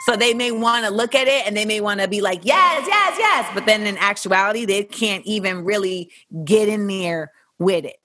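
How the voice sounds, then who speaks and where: A woman's voice: mid-range voice, fairly even intonation, moderate pace, few pauses, a bit bright, dry recording. Woman host, blunt and profane, casual listener-question monologue, dry close mic. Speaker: podcast host.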